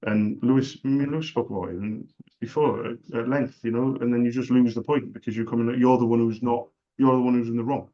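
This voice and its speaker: A man's voice: mid-range voice, steady tone, fast talker. A man who runs a small business, chatting casually and making a sales call, earnest and repeating himself as he talks. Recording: dull lo-fi recording.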